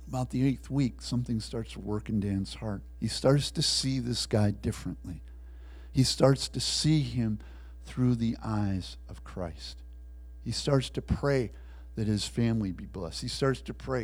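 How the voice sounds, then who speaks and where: A man preaching a sermon, telling a story and acting out the voices in it, swinging between loud bursts and hushed lines. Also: medium pitch, animated, a little slow.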